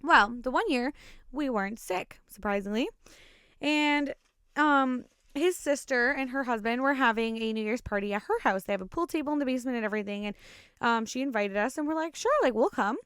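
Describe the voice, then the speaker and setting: A woman's voice: on the high side, fairly quick, a bit bright, smooth, no room sound, clean studio sound. A woman hosting a show and casually telling her own stories, swearing often and rambling with lots of fillers. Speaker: podcast host telling personal stories. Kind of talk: casual storytelling.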